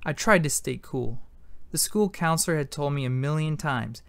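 Guy reading an audiobook chapter, kinda gravelly, slightly high voice, dry sound. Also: normal speed, a bit bright, dry recording. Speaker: audiobook narrator. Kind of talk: amateur first-person audiobook narration.

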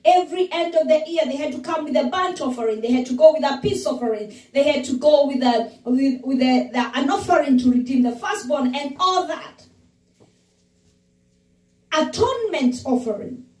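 Woman pastor, very high voice, unhurried emphatic preaching; echoey room, mic at a distance, faint music. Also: a little mellow. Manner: slow, emphatic preaching with repeated phrases. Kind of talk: sermon.

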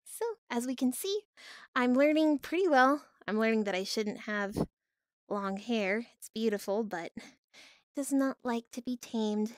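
A woman's voice: fairly high pitch, a little slow, no echo, clean studio sound. A woman streaming live from her home office, chatting bubbly and giggly while reading and answering her chat.

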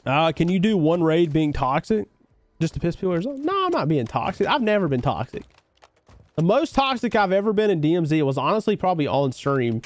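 A man's voice: on the high side, sing-song, fairly quick. A young man with a Southern US country twang who does laid-back, slangy live gameplay commentary, reading chat aloud and answering viewers. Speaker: game streamer.

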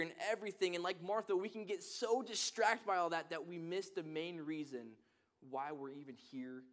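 High-voiced man preaching a sermon. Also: moderate pace, a bit bright. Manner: earnest storytelling with scripture reading.

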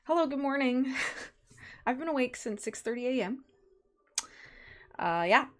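A young woman chatting casually on a live stream while playing a game, bubbly and excitable. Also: sits high, unhurried. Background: faint game music.

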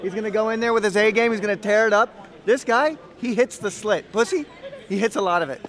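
A man's voice: high voice, fairly quick, fairly bright tone, some chatter behind. A man playing team coach, trash-talking with brash jokes. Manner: joking, brash trash talk.

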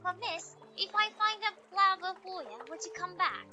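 A woman's voice: very high-pitched, expressive, moderate pace, pushed and bright, faint music behind, heavily acted. A woman playing an earnest messenger of love.

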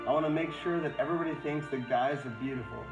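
A drunk man playing a brash young male rock bassist who talks in a cocky, profane way. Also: very fast, lightly acted. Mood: boastful. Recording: roomy, dull playback with music.

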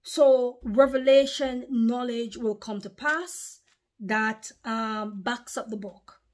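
A woman preaching a sermon to her video audience. She talks emphatically, repeats herself, and pauses to recollect. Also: on the high side, steady tone.

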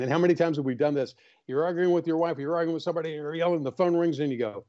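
This older male author, a guest in a relaxed interview, speaks earnestly and plays out the voices in his small stories. He talks very fast in a slightly high, mellow voice, and the highs are cut off.

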